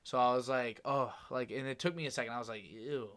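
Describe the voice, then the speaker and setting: A young man hosting a casual podcast chat, talking quickly and rambling with a mumble. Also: medium pitch, fairly bright tone, clear, resonant tone. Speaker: podcast host.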